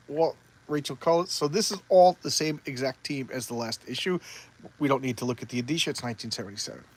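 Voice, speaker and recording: Excitable rambling man, dry sound. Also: mid-range voice, dry recording. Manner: enthusiastic, rambling with restarts. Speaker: comic book reviewer. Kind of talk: casual chat.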